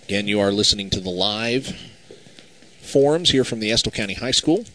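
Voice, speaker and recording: Male radio announcer, deep lively voice, distant and noisy. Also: fairly quick. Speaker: radio broadcaster. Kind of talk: live event commentary.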